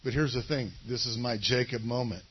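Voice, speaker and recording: A husky-voiced man preaching a sermon to a small congregation, leading call-and-response and making chatty asides to listeners. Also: mid-range voice, fairly even intonation, fairly quick, highs cut off. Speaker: pastor.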